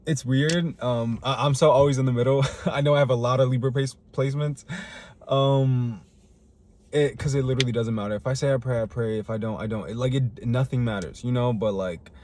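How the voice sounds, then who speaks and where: A man's voice: mid-range voice, fairly even intonation, fairly quick, a little mellow, a little hiss or hum. A young man rambling through a casual personal monologue to camera, full of fillers and restarts. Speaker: vlogger. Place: living in Chicago.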